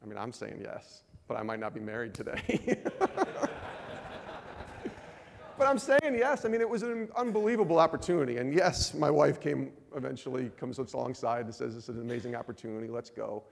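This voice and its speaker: A man's voice: on the high side, fairly quick, vocal fry, few pauses, big-room sound, slight background noise. A man in his forties sharing a personal testimony with a men's group, acting out both sides of his conversations. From Northeast US. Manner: animated storytelling, acts out both sides of conversations. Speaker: speaker at a men's ministry event.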